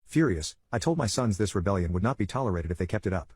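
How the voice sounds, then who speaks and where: Fast, husky male story narrator. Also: fairly low pitch, lively intonation, a little mellow, no room sound, clean studio sound. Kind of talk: reading online stories aloud.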